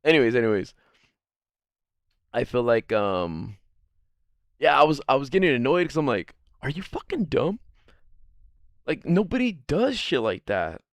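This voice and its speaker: A man's voice: medium pitch, sing-song, normal speed, long pauses, no echo. A man streaming a casual chat, rambling and swearing freely, laughing often.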